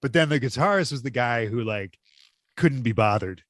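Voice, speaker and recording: A man's voice: medium pitch, normal speed, no echo, clean studio sound. A man co-hosting a movie podcast in casual chat, enthusiastic and swearing freely. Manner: enthusiastic, swears freely, quotes people in animated voices. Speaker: podcast co-host.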